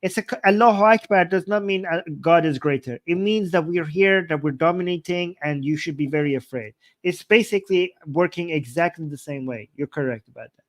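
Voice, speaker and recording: A man's voice: a little high, brisk. A man hosting a live stream, casually translating a video line by line and thinking aloud as he reads subtitles.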